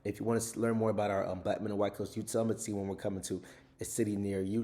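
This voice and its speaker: A man's voice: lowish voice, steady tone, fast talker, mellow. A man hosting a podcast, casually giving an overview of his own book in an earnest way and often adding tag questions. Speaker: author and podcast host.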